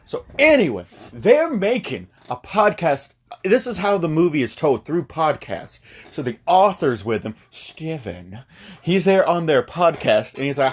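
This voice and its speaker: Man, podcast movie reviewer in a studio, rambling and self-mocking, lively up-and-down delivery. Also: a little high, unhurried, husky.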